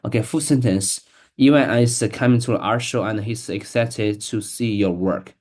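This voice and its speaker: Man, slightly low pitch, hesitant learner reading aloud with frequent restarts. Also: a little mellow. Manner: halting, hesitant, many restarts. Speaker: English learner. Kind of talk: reading practice with an AI assistant.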